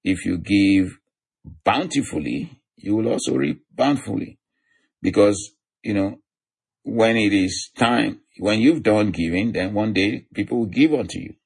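A man preaching a sermon, reading scripture verses aloud and explaining them with casual asides. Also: darkish tone. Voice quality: gravelly, husky low voice. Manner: reads scripture aloud, chuckles between points.

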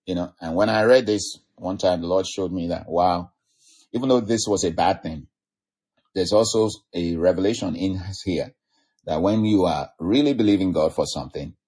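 A man's voice: low-pitched, normal speed, a little mellow, slightly rough. A man giving an informal sermon, retelling a Bible story in a rambling, conversational way full of "you know". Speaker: preacher.

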